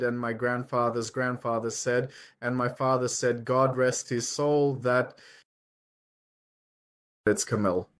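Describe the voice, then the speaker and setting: Chatty man vlogging from a truck cab. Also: medium pitch. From Ukraine. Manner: rambling, chatty, addresses viewers as friends. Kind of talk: casual chat while driving.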